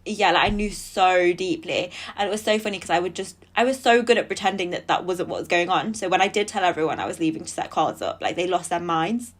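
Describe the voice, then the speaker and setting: A woman's voice: fairly low pitch, quick pace, few pauses. A young woman, chatting as a podcast guest, laughing often and acting out other people's lines. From England. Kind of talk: casual chat.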